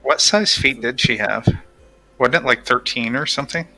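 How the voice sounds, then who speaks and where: A man's voice: mid-range voice, normal speed, over music, poor audio. A man co-hosting a casual live stream, teasing and making dry jokes. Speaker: stream co-host.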